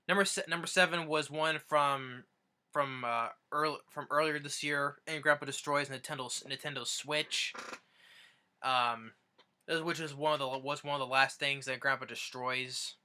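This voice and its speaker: Rambling bright-voiced young man. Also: mid-range voice, fairly even intonation, measured pace, pauses often, clean tone. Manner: rambling, many restarts and fillers. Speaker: YouTuber. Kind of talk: casual video recap.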